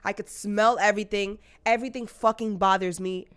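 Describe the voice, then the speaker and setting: Blunt, quick-talking young woman co-host. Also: mid-range voice, fairly even intonation, clear, resonant tone. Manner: frank, blunt, quick bursts, swears freely. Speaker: podcast co-host. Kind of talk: casual chat.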